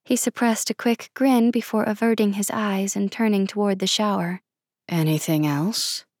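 A woman narrating first-person fiction in a measured, expressive reading style. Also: mid-range voice, no room sound, clean studio sound. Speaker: audiobook narrator.

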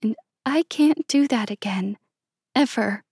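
A woman reading aloud and voicing a sharp, sarcastic young woman. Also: a little high, a little slow, husky, no room sound, studio quality. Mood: angry. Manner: tart and sarcastic.

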